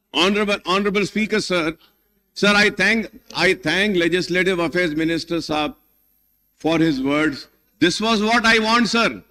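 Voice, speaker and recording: A middle-aged man with an Indian English accent gives an emphatic speech in a legislative assembly debate, his voice sitting high, pushed and bright. He repeatedly addresses the chair as "sir" and shifts between English and Hindi. The large chamber adds long hall reverb.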